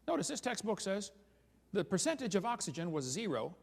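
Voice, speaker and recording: A man's voice: sits high, big pitch swings, moderate pace, creaky, long reverb tail. A man giving a humorous seminar talk as a creationist speaker, sarcastic and chuckling at his own jokes.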